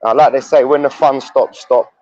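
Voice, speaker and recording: A man's voice: medium pitch, fairly even intonation, moderate pace, a little mellow, slight background noise. Man chatting on a lo-fi stream. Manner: chatty, addresses viewers as "you lot" and "mate". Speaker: live streamer. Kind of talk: casual live-stream chat. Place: outdoors in the wind.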